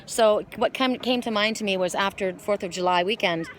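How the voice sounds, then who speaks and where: A woman with a mid-range voice gives a casual oracle card reading outdoors by the water in a wooded glen. She talks at a moderate pace in a rambling way, restarting often, with a little hiss or hum in the background.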